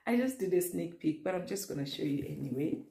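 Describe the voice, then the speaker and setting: A young woman with a lowish, gravelly, warm voice talks fast and expressively. She's gushing casually through an unboxing vlog, addressing her viewers directly, in an echoey room with faint noise.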